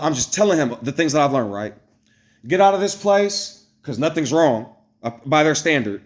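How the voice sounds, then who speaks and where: A man telling a story straight to his viewers in a casual, blunt, profane rant, swinging between loud exclamations and low asides. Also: big pitch swings, moderate pace. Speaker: vlogger. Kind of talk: casual ranting storytelling to camera.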